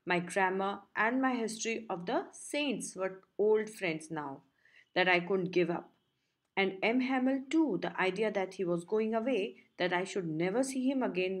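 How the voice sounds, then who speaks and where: Female audiobook narrator, steady clear storytelling, medium pitch. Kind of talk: audiobook reading.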